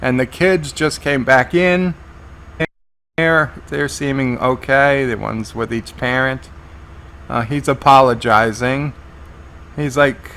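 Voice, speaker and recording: A man's voice: mid-range voice, slow, fairly bright tone. A man giving live reaction commentary on a TV episode, narrating scenes as they unfold and often restarting his sentences. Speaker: TV episode reviewer.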